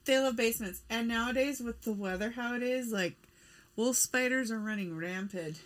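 A woman's voice: a little high, moderate pace, a bit bright. A woman co-hosting a casual chat, joking crudely and laughing often.

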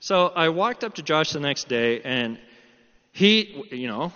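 A man's voice: a little high, a little slow. A middle-aged man preaching a sermon, telling a personal story and acting out the dialogue. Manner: animated storytelling, quoting dialogue. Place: church hall. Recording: dull sound with long hall reverb.

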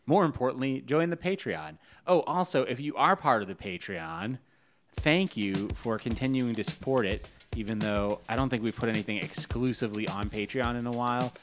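A man's voice: medium pitch, moderate pace, fairly bright tone, soft background music. A man co-hosting a podcast in casual chat, dry and teasing. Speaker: podcast co-host.

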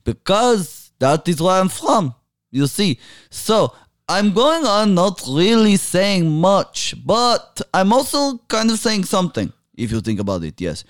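A man doing a put-on Israeli accent, playing a grandiose figure who praises a podcast like a prophet in a slow, preachy way. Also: high-pitched, a bit bright, no echo, clean studio sound, pitched above the performer's own voice, heavily acted. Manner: slow, drawn-out and preachy, rising into sing-song. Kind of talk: comedic impression on a podcast.

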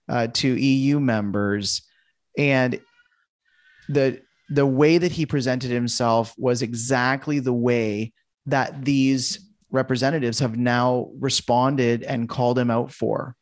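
A man co-hosting a political podcast in casual talk, animated and rising in pitch as he builds to a point. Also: no room sound, clean studio sound. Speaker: podcast co-host.

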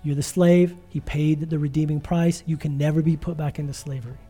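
Conversational pastor, man, mellow tone. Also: a little high, steady tone, brisk, husky, soft background music. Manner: conversational, storytelling preaching with quoted asides. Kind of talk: sermon.

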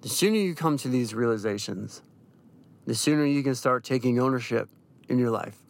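A man's voice: medium pitch, normal speed, vocal fry. A young man hosting a podcast, giving a blunt, profane motivational monologue that keeps hammering the same points over and over. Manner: emphatic, repeats key phrases. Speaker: podcast host.

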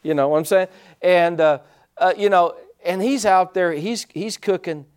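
A man preaching a sermon as pastor, telling stories in an animated way, laughing at his own slips and drawing answers from the congregation with questions. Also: high-pitched, normal speed, smooth. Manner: animated storytelling with laughs and repetitions; draws congregation responses with questions.

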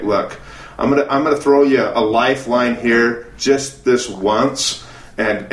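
A man telling a lively story on a casual aviation podcast, laughing and restarting as he goes. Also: medium pitch, roomy sound. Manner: animated storyteller, restarts and laughs through lines. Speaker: podcast co-host.

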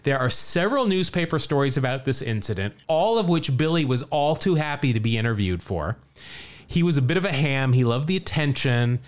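A man's voice: medium pitch, lively intonation, a little fast. A man hosting a podcast, telling a story in casual chat, jokey and chatty, laughing often. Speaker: podcast host.

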